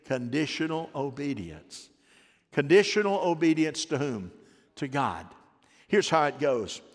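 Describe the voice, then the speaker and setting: A male pastor delivers a storytelling sermon in a slightly higher voice. He calls on the congregation to respond, and a long church-hall reverb trails his words. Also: lively intonation, a little slow.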